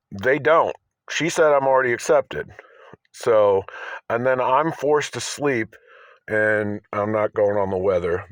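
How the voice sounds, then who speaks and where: Standing outdoors by his car, a man films himself delivering a rambling monologue in a fairly low voice. He sounds agitated and insistent, often asking "all right?". There is no room sound.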